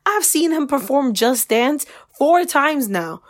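A woman's voice: high-pitched, very animated, takes it slowly. A young woman in casual chat as a fan vlogger, gushing and effusive, piling up superlatives.

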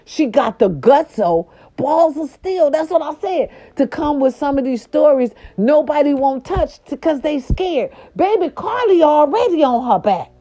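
A woman's voice: measured pace, hardly any pauses. A woman hosting a casual gossip talk show, sassy and dramatic, with slangy, playful delivery. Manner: animated, sassy, slangy, dramatic pitch swings. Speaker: show host. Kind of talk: casual celebrity gossip monologue. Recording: dull lo-fi audio.

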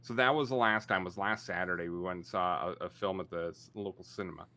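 A man's voice: sits low, fast, pushed and bright. A man in his forties, co-hosting a podcast in casual chat, rambling and self-mocking. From Canada. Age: 40s. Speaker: podcast co-host.

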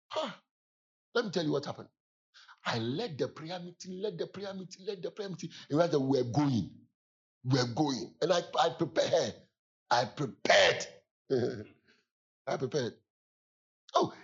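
Husky preacher telling animated stories. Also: male voice, mid-range voice, dull audio. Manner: animated storytelling with sudden loud exclamations and laughter. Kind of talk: sermon storytelling.

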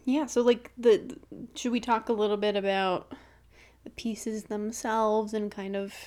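A young woman co-hosting a relaxed podcast conversation. She rambles through her thoughts with plenty of fillers and laughs easily between them. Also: medium pitch, measured pace. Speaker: podcast co-host. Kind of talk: casual chat.

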